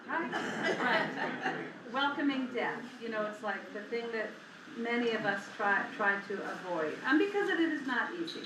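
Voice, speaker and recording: A woman hosting a church event, introducing a guest speaker in a friendly, slightly halting way. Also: on the high side. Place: church hall. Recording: distant echoey hall with noise.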